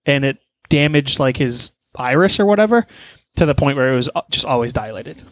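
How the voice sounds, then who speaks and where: A man's voice: mid-range voice, lively intonation, a little fast, no echo. A man in casual comedic banter, swearing and joking. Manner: profane, joking.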